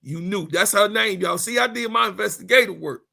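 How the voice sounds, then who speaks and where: Gravelly, bright-voiced man ranting on a livestream. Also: high voice, fairly quick. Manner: profane, repetitive, raises voice into shouts. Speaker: sports channel host. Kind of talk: heated livestream rant.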